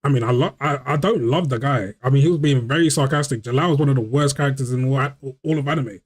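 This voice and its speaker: A man's voice: mid-range voice, fast talker. A male streamer, chatting casually and playfully with a friend on stream. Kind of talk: casual chat.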